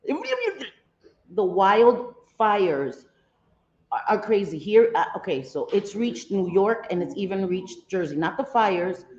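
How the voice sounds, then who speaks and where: A woman's voice: mid-range voice, darkish tone. A middle-aged woman hosting a casual livestream from home, chatting and greeting viewers by name. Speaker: livestream host. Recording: slightly dull livestream audio.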